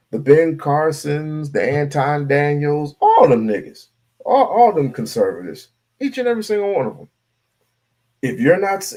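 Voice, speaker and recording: Man, live-stream rant, heated, profane, repetitive, high voice. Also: a little mellow. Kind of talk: ranting live-stream commentary.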